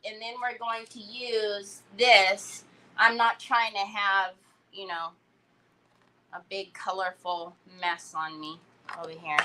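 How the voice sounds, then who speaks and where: A woman's voice: a little high, bright, forceful tone, poor audio. A woman hosting a casual crafting livestream, chatting, laughing and greeting viewers by name.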